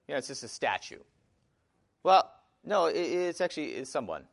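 A man's voice: a little high, sing-song, fairly quick, creaky, fairly bright tone. Wisconsin man teaching a Bible class. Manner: conversational, many fillers and restarts, asks the class questions.

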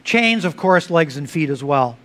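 A pastor preaching a sermon, swinging between loud emphatic lines and hushed, quiet asides. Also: male voice, a little high, expressive, measured pace.

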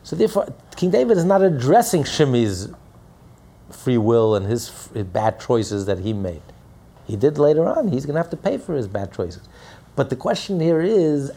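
A man's voice: medium pitch, sing-song, moderate pace, dark tone, breathy edge. A man teaching a Torah class as a rabbi, preaching with rhetorical questions and acting out the voices he quotes.

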